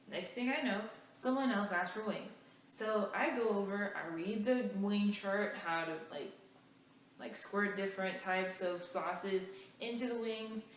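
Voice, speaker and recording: A young woman vlogger telling a storytime in an animated, chatty way, full of fillers. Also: medium pitch, slight background noise. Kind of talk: casual storytime. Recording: echoey room, mic far off.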